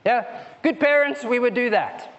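A male preacher with a fairly high voice delivers a sermon in a conversational way, often tagging his points with "okay?" and a soft laugh. He moves between raised, emphatic declarations and low, intimate asides. The sound is muffled and lo-fi, with a long reverb trailing off the walls of a church hall. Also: a little slow.

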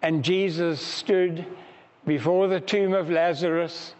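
A man preaching a sermon slowly and emphatically, prompting his congregation to answer. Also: on the high side, steady tone, darkish tone. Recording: dull sound in a reverberant hall.

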